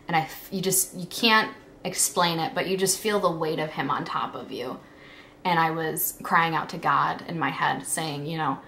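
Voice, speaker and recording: A young woman vlogger telling a personal story in a halting, emotional way, with many fillers. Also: sits low, gravelly, bright, forceful tone, a little hiss or hum.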